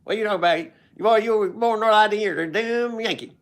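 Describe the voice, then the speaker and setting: A man's voice: high-pitched, fast, voice pushed up. A man putting on a jeering Southern good ol' boy. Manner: jeering, drawling taunts.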